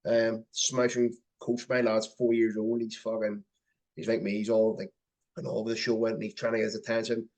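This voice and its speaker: A man in his thirties hosting a podcast in a quick, chatty way. He encourages his guest and swears casually as he talks. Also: on the low side, little pitch movement, darkish tone. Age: 30s. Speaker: podcast host. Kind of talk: casual conversation.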